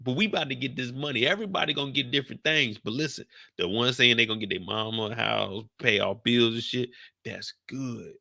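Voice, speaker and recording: A man hosting a live after-show, talking in a loose, profane, animated way. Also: a little fast, creaky. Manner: animated, profane, swings into high exclaiming bursts. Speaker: show recap host.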